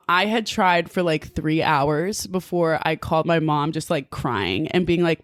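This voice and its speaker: A woman from New Jersey, a podcast guest, telling a story in a casual, animated way, full of "like" and quick laughs. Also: fairly low pitch, no echo, studio quality. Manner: animated, filler-heavy with frequent "like", laughs often.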